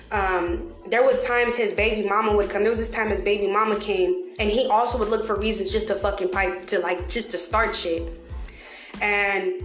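A woman candidly telling her own story to the camera, blunt and heavily profane, with dark humor. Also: medium pitch. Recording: echoey room with faint music.

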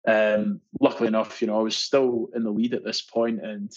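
A man's voice: on the low side, a little fast. A man from Scotland, a marathon swimmer, telling stories as a podcast guest, with frequent laughs and restarts. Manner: animated storyteller, laughs often, many restarts. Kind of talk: casual storytelling interview. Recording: dull lo-fi sound.

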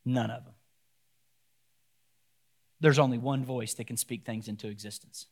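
A pastor preaching a sermon to his church, swinging between loud, animated outbursts and quiet, emphatic points. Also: medium pitch, a little slow.

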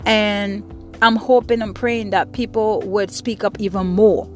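A woman's voice: mid-range voice, steady tone, unhurried. Angry, profane woman ranting over faint music. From Caribbean. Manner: angry, profane, repetitive emphatic speech. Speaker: podcast host. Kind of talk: impassioned monologue.

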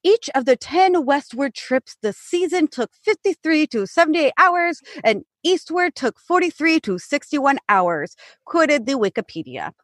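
A woman's voice: sits high, very animated, measured pace, no echo. A woman co-hosting a podcast, reading her notes aloud in a casual, chatty way and stopping to correct herself. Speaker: podcast co-host.

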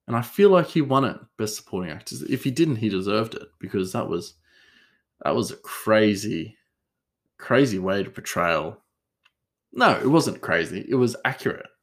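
A man's voice: fairly low pitch, lively intonation, moderate pace. A man hosting a podcast alone, rambling casually with many fillers and self-corrections. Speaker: podcast host. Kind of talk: casual solo chat.

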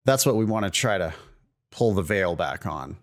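A man co-hosting a podcast, talking casually and joking with quick asides. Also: low-pitched, animated. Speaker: podcast co-host.

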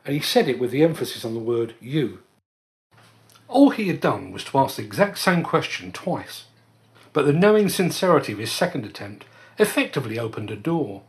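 A man hosting a podcast, telling a personal story in an earnest, measured way as a scripted monologue. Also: medium pitch, sing-song. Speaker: podcast host.

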